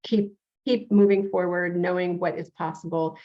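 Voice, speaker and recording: A woman's voice: fairly low pitch, fairly even intonation, normal speed, muffled recording. A woman with a New York accent hosting an interview show, earnest and full of uhs and restarts. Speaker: show host, reverend.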